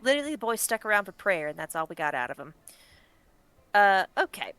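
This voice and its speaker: A woman narrates a tabletop game as game master, leading with scene description. Her voice is mid-pitched and sits dry and close to the mic. She pauses on fillers as she goes. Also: sing-song, a bit bright, smooth, no room sound, soft background music.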